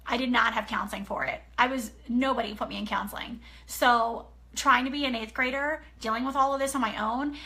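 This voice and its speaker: A woman in her thirties, an author telling a personal story in an earnest, animated way, often checking in with her listeners. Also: fairly high pitch. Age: 30s. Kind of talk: casual personal talk.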